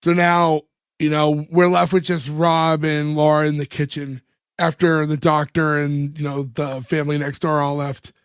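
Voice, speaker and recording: A man's voice: on the high side, flat delivery, normal speed, clean tone, no echo, clean studio sound. A man co-hosting a podcast, casually recapping an episode and acting out the characters' lines. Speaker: podcast co-host.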